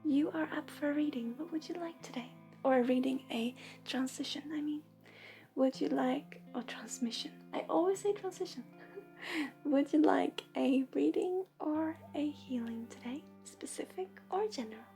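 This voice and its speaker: A woman speaks softly and gently, often sliding into a half-whisper, as she hosts a livestream of intuitive readings and healing. Her voice sits high and carries a gravelly edge of vocal fry. Faint music plays underneath. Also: normal speed. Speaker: intuitive reader and healer.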